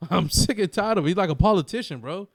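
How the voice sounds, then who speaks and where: A man's voice: sits high, lively intonation, a little fast. A man co-hosting a casual podcast, ranting emphatically and repeating slang for emphasis. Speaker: co-host.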